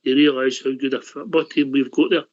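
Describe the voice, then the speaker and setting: A man's voice: medium pitch, fairly even intonation, fairly quick. A man on a radio phone-in, chatting about football agreeably with hesitant restarts. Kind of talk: casual phone-in chat. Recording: dull lo-fi line.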